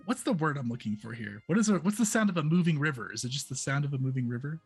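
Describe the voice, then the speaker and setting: A man running a tabletop game as game master, chatty and relaxed, with many fillers. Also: on the high side, quick pace, husky, no room sound, soft background music.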